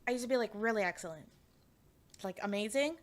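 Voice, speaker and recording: A woman chats casually on a live stream, rambling and giggling as she talks. Her speech is full of fillers and restarts, and her voice sits at a middle pitch for a woman. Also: lively intonation, fast talker.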